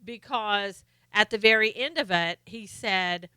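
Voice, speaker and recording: A woman's voice: medium pitch, unhurried, bright, forceful tone, clean tone, dry recording. A middle-aged woman hosting a live stream, chatting casually and sarcastically about politics while greeting viewers by name.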